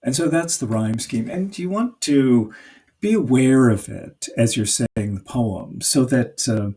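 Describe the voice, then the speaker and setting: A man's voice: medium pitch, animated, warm tone, breathy edge. A man teaching a poetry lesson, explaining patiently with fillers and reading lines aloud. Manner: slow, patient explaining with fillers, sounds out rhythms.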